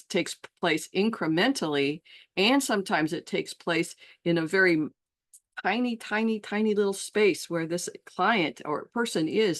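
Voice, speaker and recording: Earnest woman coach musing aloud. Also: fairly low pitch. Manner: earnest, musing, slips into voices of clients and coaches. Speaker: transformational coach and trainer. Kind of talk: reflective solo talk to fellow coaches.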